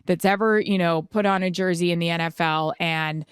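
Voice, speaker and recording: A woman co-hosting a podcast, telling an animated personal story in casual chat and acting out the quoted voices. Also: fairly low pitch, brisk, smooth, no echo, studio quality. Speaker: podcast co-host.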